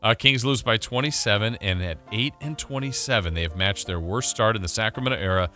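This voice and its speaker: A man co-hosting sports radio, briskly recapping a game and laughing at sound drops. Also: lowish voice, bright, forceful tone, soft background music.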